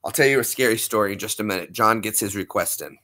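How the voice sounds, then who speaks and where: A man's voice: fairly low pitch, quick pace, pushed and bright. A young man, a streamer, chatting casually with viewers and thanking them effusively. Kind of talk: casual livestream chat.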